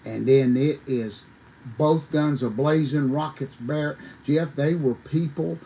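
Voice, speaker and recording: A man, a former wrestler telling lively, folksy stories as a podcast guest, talking straight to his listeners. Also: fairly high pitch, takes it slowly, slight background noise, rough recording. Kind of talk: animated storytelling on a podcast.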